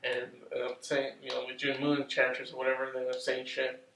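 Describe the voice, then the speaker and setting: A man's voice: mid-range voice, monotone, a little fast, vocal fry, a bit bright, slight background noise. Profane rambling man recapping a film. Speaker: movie reviewer. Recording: roomy, distant from the mic.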